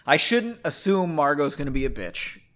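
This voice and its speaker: A man's voice: on the high side, big pitch swings, moderate pace, fairly bright tone. A man hosting a podcast who reads a story aloud and keeps breaking off into sarcastic, self-mocking asides. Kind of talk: story reading with joking asides.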